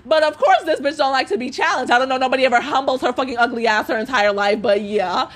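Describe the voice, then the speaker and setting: A young woman with a high, girlish voice tells a story from her own life as a podcast rant. She curses freely, acts out what each person said, and keeps breaking into laughter. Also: quick pace, few pauses. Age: young adult. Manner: profane, animated storytelling, acts out dialogue, laughs often. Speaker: podcast host.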